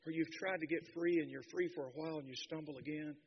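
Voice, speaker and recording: A man preaching a sermon with passion, dropping to a hush and then building to shouts. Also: on the high side, fairly even intonation, quick pace, lo-fi sound, slight background noise. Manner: impassioned, swinging from hushed to shouting.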